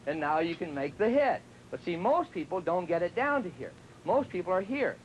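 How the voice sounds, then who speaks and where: A man's voice: high voice, big pitch swings, moderate pace, muffled recording, a little hiss or hum. A man teaching tennis on a TV show in a chatty, joking way, sometimes acting out what his students say. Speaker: tennis instructor. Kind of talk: televised tennis lesson.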